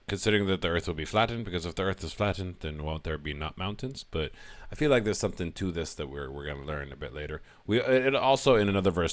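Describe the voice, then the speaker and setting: A man's voice: sits low, fairly bright tone. A man giving casual verse-by-verse scripture commentary, thinking aloud with light self-deprecating humor. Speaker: religious commentator.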